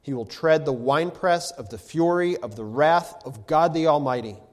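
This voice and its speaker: A man in his thirties preaching a sermon and reading scripture aloud dramatically, rising to loud exclamations. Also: fairly high pitch, normal speed. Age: 30s.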